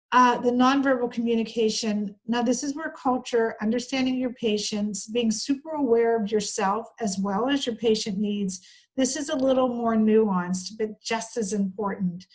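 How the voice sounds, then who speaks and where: A woman's voice: mid-range voice, rough recording. A woman giving an online training lecture on care communication, talking conversationally and acting out short example dialogues.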